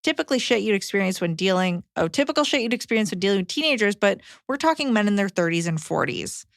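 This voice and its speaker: Woman, podcast co-host, reads listener mail, brisk, deadpan, dry sound. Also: mid-range voice, gravelly, no echo. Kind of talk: reading listener letters aloud.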